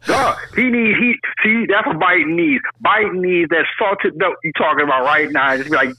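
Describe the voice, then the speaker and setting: A man in casual chat, talking loudly and profanely and laughing often. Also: high voice, lively intonation, moderate pace, few pauses, slightly rough, no room sound, lo-fi sound.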